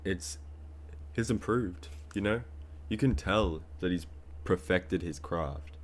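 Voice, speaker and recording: A man's voice: sits low, slow. A young man giving casual, mock-serious reaction commentary on a song, with dry remarks and fillers. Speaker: reaction streamer.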